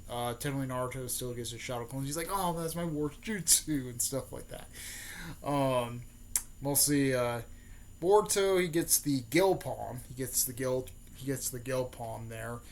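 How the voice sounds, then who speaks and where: Casting note: young male YouTuber, loose rambling storyteller, mid-pitched, soft hiss underneath. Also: fairly even intonation, moderate pace. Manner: rambling, many fillers and restarts, keeps adding "there" and "mostly". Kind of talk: casual fan-theory storytelling.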